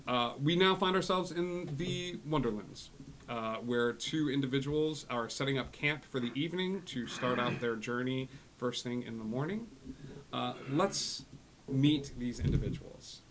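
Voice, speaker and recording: A man narrating a tabletop game as game master, slowly and with many fillers. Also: medium pitch, a bit bright, a little hiss or hum.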